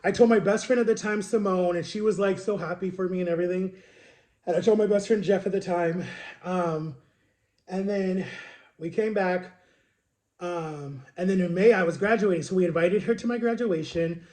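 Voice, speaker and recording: A young man with a noticeably high voice chats through a long personal story for his vlog. He rambles and circles back, peppering his telling with "like" and "right?" as if talking to friends. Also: normal speed, a little mellow. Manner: chatty, rambling retelling full of "like" and "right?". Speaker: vlogger. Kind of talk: casual storytelling to camera.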